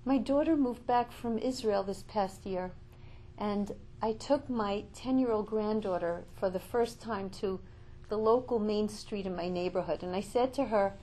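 A woman's voice: medium pitch, unhurried, dark tone, slight background noise. An older woman giving an inspirational storytelling talk, emphatic and full of repeated rhetorical questions. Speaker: inspirational speaker.

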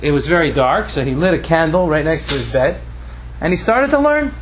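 A man with a fairly high voice tells a traditional Jewish story and draws a lesson from it. He acts out the characters' lines with lively shifts in his voice. A faint hiss sits under the recording. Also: a little fast, rough recording.

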